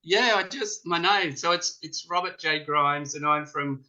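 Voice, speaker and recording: A man's voice: on the high side, unhurried, sharp tone, highs cut off. An Australian man on a video call, sharing personal reflections hesitantly, often repeating words as he searches. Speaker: game participant.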